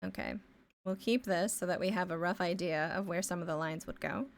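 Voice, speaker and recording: A woman from Ontario, chatting casually as a live streamer while she draws. She thinks aloud with many fillers and often trails off into quiet mumbles. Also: on the low side, brisk, creaky. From Canada, Ontario. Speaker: live streamer and pixel artist. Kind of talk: casual chat while drawing.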